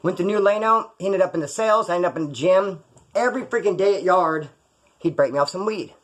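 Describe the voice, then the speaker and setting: Fast-talking man telling prison stories. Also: high-pitched, fairly bright tone, low-quality recording. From California. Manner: rambling, conversational with prison slang. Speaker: vlogger. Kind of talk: casual storytelling vlog.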